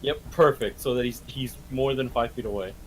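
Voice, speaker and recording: A man's voice: medium pitch, normal speed, slight background noise, low-quality recording. A man playing a tabletop game on a livestream, eagerly talking through his moves and dice rolls. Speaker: player.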